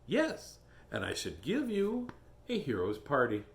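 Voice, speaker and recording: A man voicing a cheerful, kind young boy in a storybook reading, sounding bright and encouraging. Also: mid-range voice, wildly swooping pitch, a little slow, gravelly, full character voice. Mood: praising.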